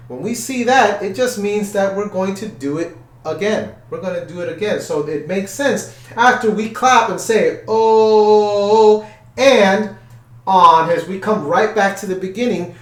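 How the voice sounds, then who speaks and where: Guy teaching little kids music, upbeat chanty delivery, kinda high voice, room echo. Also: far from the mic. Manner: upbeat, coaxing, counts in and chants call-and-response. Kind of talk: children's music lesson. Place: room with chalkboards. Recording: echoey room.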